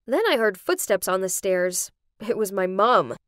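A young woman narrating an animated story in the first person, dramatic and expressive. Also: mid-range voice, measured pace, no echo, studio quality.

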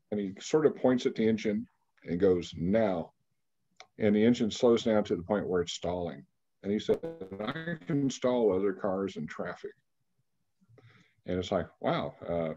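Low, mellow-voiced man in his sixties telling a story. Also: dull audio. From Kansas, United States. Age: 60s. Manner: measured, anecdotal storyteller who pauses on fillers. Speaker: interview guest. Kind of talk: storytelling in a radio interview.

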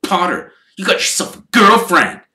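A man's voice: mid-range voice, expressive, unhurried, sharp tone, echoey room, voice pushed up. A man doing a drawling, sneering schoolboy. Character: sneering spoiled rich schoolboy.

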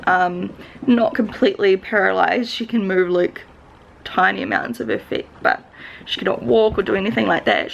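In a tearful confessional vlog, a young New Zealander talks rambling to camera in her native accent, her mid-range voice creaky. She's clearly upset, trying not to cry, with frequent "likes" and false starts.

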